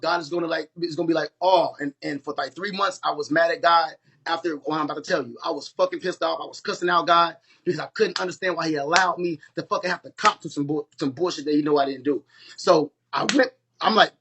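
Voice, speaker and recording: A man's voice: a little high, quick pace, a bit bright, husky. A man with telling his own story on a live stream, in a heated, profane and emphatic way.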